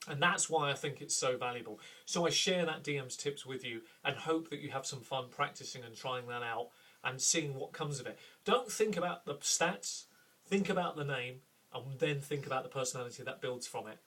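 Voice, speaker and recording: A man's voice: medium pitch, moderate pace, pushed and bright, recorded from a distance. A middle-aged man from the UK, a game master hosting a chatty, self-deprecating tips talk. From United Kingdom.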